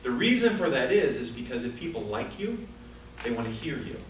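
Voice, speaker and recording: Speaking briskly in a mid-range, very animated voice, a man presents a prepared funny story with comic asides at a speaking club. The audio comes from far away in an echoey meeting room and carries a little hiss or hum.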